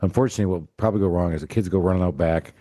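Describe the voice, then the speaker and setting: Low, mellow-voiced joking podcast host. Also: male voice, very fast, no echo, clean studio sound. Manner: joking, playful. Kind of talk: podcast interview.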